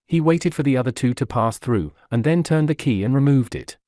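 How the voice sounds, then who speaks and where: A man narrating a novel in a measured, even manner. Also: medium pitch, no echo, studio quality. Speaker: audiobook narrator. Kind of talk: scripted narration.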